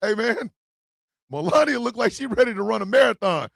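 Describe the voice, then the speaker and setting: A man hosting a stream, ranting and joking loudly with profanity and frequent laughter. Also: very high-pitched, animated, a little fast, creaky, no echo, studio quality. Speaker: streaming show host. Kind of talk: casual comedic rant.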